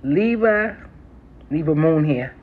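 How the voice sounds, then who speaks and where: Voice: medium pitch, expressive, slow. A herbalist from New York with a New York accent, chatting casually on a phone live stream, laughing often and calling the viewers y'all. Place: city home near a train line. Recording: slightly muffled with faint city noise. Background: faint trains and street sounds.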